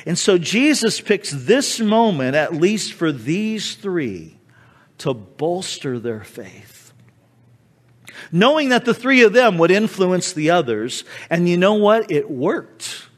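A man preaching a sermon, acting out quoted speech with sudden drops and swells in loudness. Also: sits high, big pitch swings, slow pace. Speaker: pastor.

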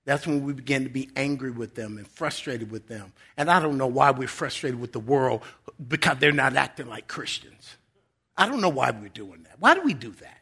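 Bright-voiced, emphatic male preacher. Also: mid-range voice, animated, moderate pace, creaky, slightly rough. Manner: earnest and emphatic, dropping to a soft voice for quotes; repeats words when building up a point. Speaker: guest pastor. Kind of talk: sermon.

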